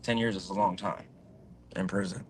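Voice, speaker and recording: A man's voice: deep voice, fairly even intonation, normal speed, slight background noise. Rambling man on a video call. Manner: rambling, with many fillers and restarts. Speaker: guest on a livestream. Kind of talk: casual chat.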